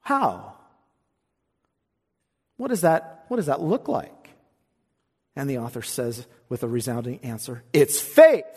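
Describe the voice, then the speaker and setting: A pastor preaching an expository sermon in a church, swinging between emphatic lines and hushed asides and asking rhetorical questions. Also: male voice, mid-range voice, sing-song, unhurried, long pauses, husky, big-room sound. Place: church sanctuary.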